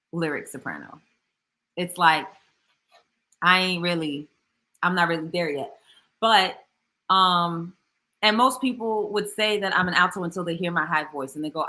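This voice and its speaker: Woman voice coach chatting live with viewers, bright voice, animated, pops way up high when she's playing around. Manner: chatty and animated, drops into slangy asides; voice jumps much higher in playful bursts. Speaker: vocal coach. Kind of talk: casual livestream Q&A, reading viewer comments.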